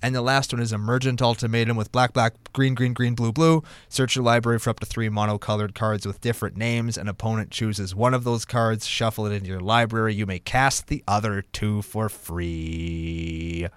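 A man co-hosting a casual podcast, reading card text aloud and reacting with enthusiastic, profane excitement. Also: medium pitch, fairly quick, hardly any pauses, smooth, no echo. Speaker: podcast co-host. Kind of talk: casual card game chat.

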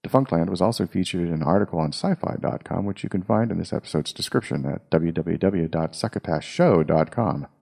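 A man's voice: sits low, expressive, a little fast, creaky, hardly any pauses, darkish tone, husky. A male podcast host reading show plugs and descriptions in a dry, scripted way.

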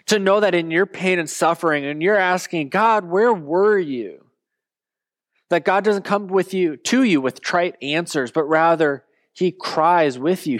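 Guy pastor preaching, kinda high voice, earnest, slows way down on the big lines, dry close sound. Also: dry recording. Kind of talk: sermon.

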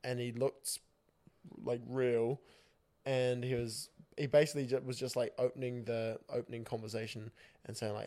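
A man speaking as a guest on a podcast in casual chat, relaxed and joking, with hesitant "um"s. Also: medium pitch, normal speed.

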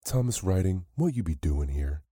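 A man voicing a sharp-tongued, scornful village woman who speaks in a quivering, scolding way. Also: rumbling low, normal speed, breathy edge, dry recording, clean studio sound. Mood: anxious.

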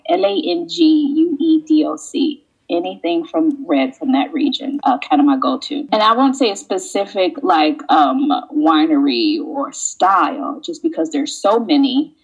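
A woman with a husky, low voice, a wine educator who lives in France, appears as a guest in a casual interview conversation. She tells stories in a relaxed way, acting out the exchanges she quotes. The audio is lo-fi.

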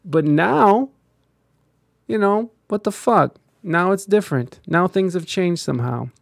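A man's voice: sits high, animated, a little slow, vocal fry, no echo, clean studio sound. A man ranting in casual commentary, profane and heated, rambling with many restarts.

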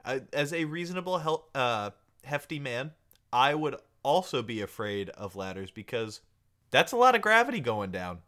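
A man's voice: mid-range voice, very animated, moderate pace, sharp tone. A man co-hosting a podcast in casual chat, joking and swearing a lot. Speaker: podcast co-host.

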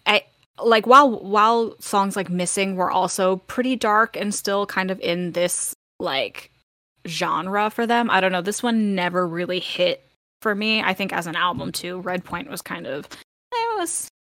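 A woman's voice: medium pitch, animated, a little slow, a bit bright, no echo, clean studio sound. A woman cohosting a podcast, giving opinions in a chatty, filler-heavy way. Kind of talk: casual chat.

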